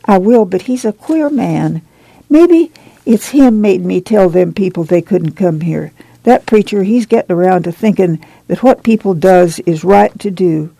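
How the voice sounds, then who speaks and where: Reader as weary stern mother, quiet, gravelly, mellow. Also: mid-range voice, measured pace, no room sound, low-quality recording. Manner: quiet, tired, firm.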